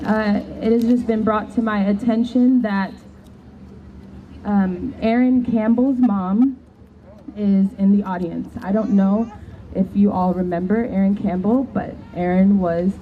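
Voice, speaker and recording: A woman's voice: medium pitch, fairly even intonation, a little slow, narrow, tinny audio, a little hiss or hum. A woman making hesitant announcements at an outdoor protest, with many fillers.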